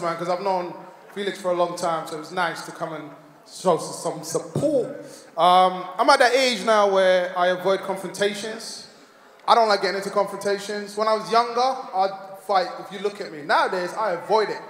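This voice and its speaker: High-voiced man doing stand-up in a hall. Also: a bit bright, a little hiss or hum. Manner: storytelling with laughs and put-on voices. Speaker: stand-up comedian. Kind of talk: stand-up comedy set. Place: large hall on stage. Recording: echoey hall with long reverb.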